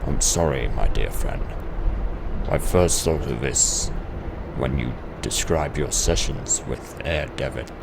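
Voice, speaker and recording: A man voicing a grave, secretive doctor in a mixed, partly German accent, formal and measured. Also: extremely low pitch, vocal fry, very noisy, voice pushed down, full character voice. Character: grave older male doctor, secretive and worried. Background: game music.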